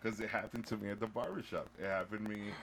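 Animated man in casual podcast banter. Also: fairly low pitch, quick pace, vocal fry, slight background noise. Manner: animated, laughs often, jumps in over his co-host. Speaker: podcast co-host; voice actor. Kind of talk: casual chat.

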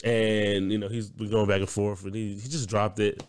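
A man's voice: on the low side, level tone, normal speed, clear, resonant tone. A young man co-hosting a casual podcast, laughing often, swearing freely and acting out what others said. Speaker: podcast co-host. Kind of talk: casual banter.

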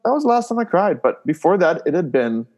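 Talking fast in a fairly high voice, this man is a podcast guest recounting family stories over casual chat. He laughs often, animates his tales with loud screamed moments, and peppers everything with fillers such as "like" and "um."

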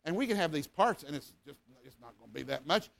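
A laid-back male mechanic , as a Southern US preacher acts him out, matter-of-fact and drawling, in a sermon story. The voice has a high, bright edge. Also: expressive, quick pace, vocal fry.

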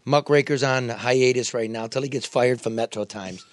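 A man's voice: medium pitch, moderate pace, no echo. A man from Detroit hosting a talk show, blunt, profane and joking in casual chat.

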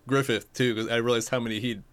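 A man's voice: mid-range voice, flat delivery, fast. A man co-hosting a casual movie review chat, wry and laid-back, laughing at his own jokes. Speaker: podcast co-host.

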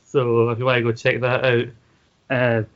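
A man talking on a casual podcast, steady and leaning heavily on "like". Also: mid-range voice, moderate pace, muffled recording. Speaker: podcast guest and fellow host. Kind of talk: casual podcast review chat.

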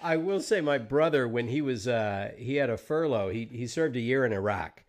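An American man hosting a podcast, interviewing a guest in a relaxed, conversational way with the odd swear word. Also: mid-range voice, moderate pace. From United States. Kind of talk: casual interview chat.

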